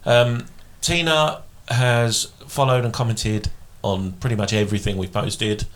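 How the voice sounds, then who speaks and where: A man's voice: mid-range voice, fairly even intonation, unhurried. A man co-hosting a podcast in casual chat, hesitant and full of fillers, teasing his co-host. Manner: hesitant, filler-heavy, jokey.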